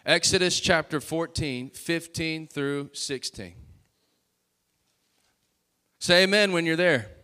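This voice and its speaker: A man preaching a sermon as pastor, calling out to the congregation and building to loud, emphatic bursts. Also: fairly high pitch, takes it slowly, pauses often, clean tone.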